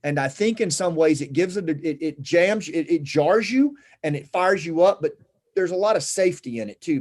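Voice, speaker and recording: A middle-aged man, a guest on a conversational show, telling a personal story in an earnest, reflective way with halting pauses and fillers. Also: on the high side, lively intonation, darkish tone.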